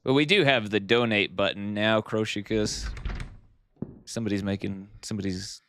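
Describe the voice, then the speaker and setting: At a home streaming setup, a man chats casually with viewers during a live game stream, thanking them and thinking aloud as he plays. His voice is fairly low and fairly bright at normal speed, with slight background noise.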